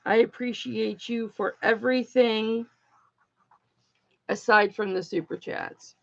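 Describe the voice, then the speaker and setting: A woman's voice: fairly high pitch, steady tone, slow, vocal fry, highs cut off. A woman hosting a jewelry auction livestream, chatting casually and affectionately with viewers and calling them honey and baby.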